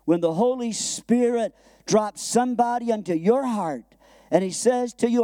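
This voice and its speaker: A man's voice: high voice, lively intonation, moderate pace, dark tone, no room sound. A middle-aged man, a pastor preaching a sermon and telling a personal story, acting out the dialogue and chuckling at his own jokes.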